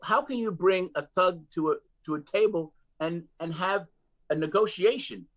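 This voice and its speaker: A man's voice: sits high, moderate pace, rough recording. Emphatic male political commentator. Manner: emphatic, repeating words as he goes. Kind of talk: political interview.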